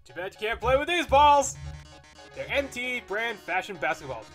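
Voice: mid-range voice, sing-song, normal speed, fairly bright tone, faint music behind, voice pushed up. A gamer voicing a flamboyant robot TV host in a put-on British accent, with theatrical announcer delivery. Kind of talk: let's play voice acting.

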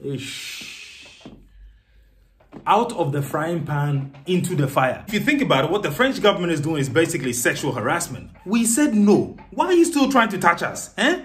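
A man giving animated, sarcastic political commentary as a vlogger. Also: fairly high pitch, quick pace, few pauses.

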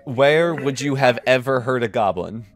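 A man narrating a tabletop role-playing game as game master, casual and quick to laugh. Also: medium pitch, lively intonation, a little hiss or hum.

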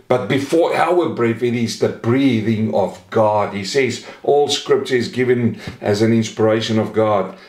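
A man preaching in a mid-pitched voice, earnest and deliberate, leaning slowly on each quoted verse. The sound is roomy and echoey. He speaks as a pastor teaching his church. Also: darkish tone. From Australia. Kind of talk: sermon. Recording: echoey room.

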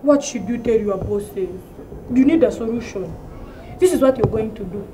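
A woman's voice: on the high side, moderate pace, warm tone, a little hiss or hum. A woman from Uganda with a Ugandan English accent, performing a comedy sketch with an indignant, ranting delivery that repeats itself for effect.

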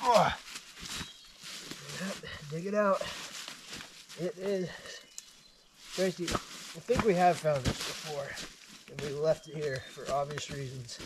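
High-voiced man praising his dogs outdoors. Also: slow, long pauses, background noise. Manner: excited praise, laughing, chatty. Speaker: vlogger shed hunting with dogs. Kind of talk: casual outdoor vlog talk to dogs. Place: woods outdoors.

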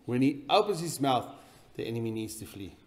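A man preaching a sermon in a church, swinging between loud emphatic bursts and quiet, intense passages. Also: mid-range voice, big pitch swings, brisk. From South Africa. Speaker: pastor.

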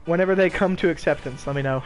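A young man streams a game and talks over it in a loose, profane, trash-talking way. His voice sits fairly high for a man, and he keeps breaking into laughter and shouts. A faint hiss of noise runs under his commentary. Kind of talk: casual gaming stream commentary.

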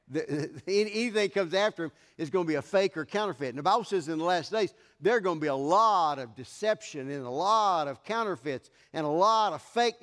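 A man pastor preaching an emphatic sermon in a church sanctuary, his voice swelling to loud declarations. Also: a little high, in a large hall.

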